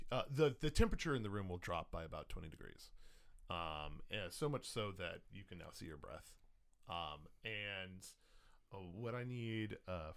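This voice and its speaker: A man narrating as game master of a tabletop game, loose and halting, full of ums. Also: low voice, fairly bright tone, clean tone.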